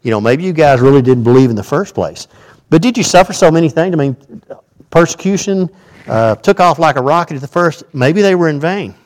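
Man preaching an animated sermon. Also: a little high, a little fast. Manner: animated, conversational preaching with big swings in loudness. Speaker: pastor.

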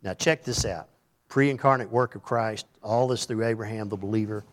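A man's voice: lowish voice, normal speed. A man preaching a sermon in a conversational way, reading scripture aloud and acting out the voices in it. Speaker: pastor.

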